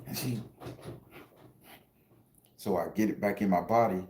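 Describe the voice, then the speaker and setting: A man's voice: fairly low pitch, fairly even intonation, a little slow, darkish tone, reverberant. A middle-aged man hosting a spiritual livestream, telling an emotional story in slangy casual talk and addressing viewers directly. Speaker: spiritual channel host and tarot reader.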